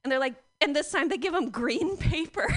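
A woman's voice: high-pitched, expressive, fairly quick, fairly bright tone. A woman doing a rambling stand-up set on a comedy club stage, laughing at her own jokes. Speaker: stand-up comic.

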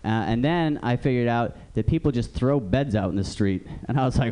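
A man's voice: medium pitch, expressive, a little fast, hardly any pauses, mellow, slight background noise. A man doing a stand-up comedy set on a club stage, telling profane, rambling stories into a stage mic.

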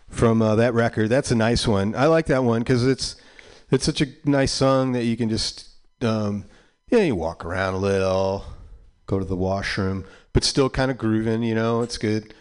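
Older male DJ, 60s, rambling on-air chat, halting delivery, ordinary mid-pitch voice. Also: a little mellow, smooth. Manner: rambling and halting, drifting between thoughts. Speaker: radio DJ. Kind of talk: casual on-air chat between records. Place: community radio studio.

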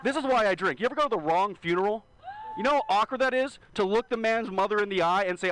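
A man's voice: high voice, quick pace, fairly bright tone, poor audio. A man in his twenties doing a rambling, self-deprecating stand-up set while hungover. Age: 20s. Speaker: stand-up comedian. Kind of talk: stand-up set at an open mic.

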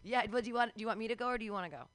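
Bright-voiced woman hosting an open mic. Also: fairly high pitch, rapid-fire.

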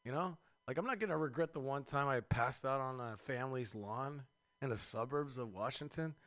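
A man's voice: medium pitch, normal speed, fairly bright tone. A man in his thirties from the Seattle area doing a crude, rambling stand-up comedy set. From Seattle area, USA. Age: 30s. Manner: crude, rambling, profane jokes with "man" and "you know".

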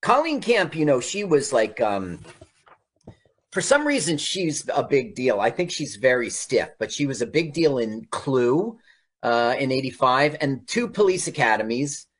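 A man co-hosting a radio show, rambling through casual movie commentary and laughing often. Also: medium pitch. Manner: lively, rambling, quick to laugh. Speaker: radio co-host.

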